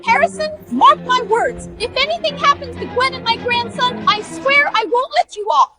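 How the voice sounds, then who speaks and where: An actress playing a commanding wealthy older woman who chairs a company, sharp and forceful. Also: very high voice, normal speed, music in the background.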